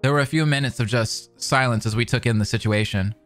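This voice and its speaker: A man's voice: medium pitch, brisk, a bit bright, faint music behind, pitched below the performer's own voice, lightly acted. A man reading as a shaken teenage girl. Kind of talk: reading visual novel text aloud.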